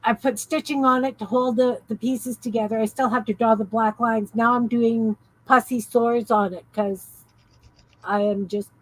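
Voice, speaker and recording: A woman's voice: on the high side, fairly even intonation, normal speed, poor audio. A woman hosting a casual crafting live stream, tired, rambling and giggling as she chats with viewers.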